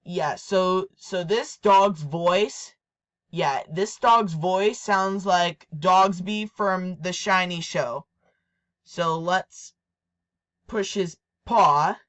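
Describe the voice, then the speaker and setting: A woman's voice: on the low side, drawn-out words, fairly bright tone. A woman presenting her toy collection in a casual show-and-tell, repeating herself and restarting her sentences often. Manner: repetitive, hesitant, restarts often.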